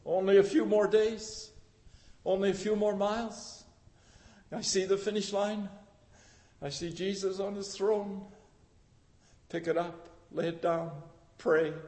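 Impassioned high-voiced male preacher in a hall. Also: level tone, measured pace, pauses often. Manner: impassioned, swings from hushed to shouting. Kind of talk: sermon.

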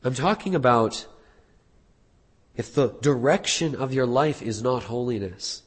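Husky-voiced man preaching in a reverberant hall. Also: medium pitch, expressive, measured pace. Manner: earnest preaching with rising emphatic peaks. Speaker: pastor. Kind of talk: sermon. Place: church sanctuary.

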